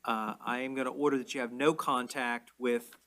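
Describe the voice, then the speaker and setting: A man presiding as judge in a courtroom, explaining orders in a measured, plain way. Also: mid-range voice, fairly even intonation, bright, forceful tone. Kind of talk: courtroom proceedings.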